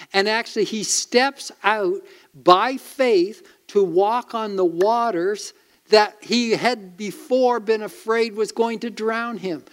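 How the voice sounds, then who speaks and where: A man preaching a sermon as pastor, earnest and emphatic, with dramatic pauses. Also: high-pitched, a bit bright.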